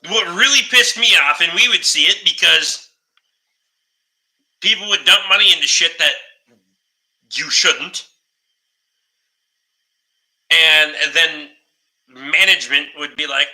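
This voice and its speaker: A man spins rambling workshop stories in loose podcast chat, cursing at every turn and chuckling along. His voice sits a little high and rings very bright and forceful. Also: slow, long pauses, rough recording. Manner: profane, rambling, swears constantly; laughs through his stories. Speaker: podcast host. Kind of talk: casual storytelling chat.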